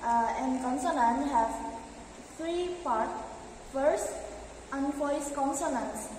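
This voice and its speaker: A young woman giving a class presentation, explaining slowly and carefully. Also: high-pitched, a little mellow, a little hiss or hum. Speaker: student presenter. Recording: echoey room from far off.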